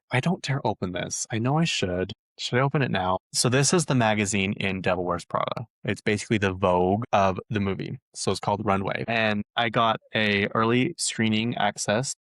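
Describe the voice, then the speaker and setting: Man, vlog host, casual chat, gushing and excitable, lowish voice, dry close sound. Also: no echo. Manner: chatty and gushing, lots of "like". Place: lives in Utah.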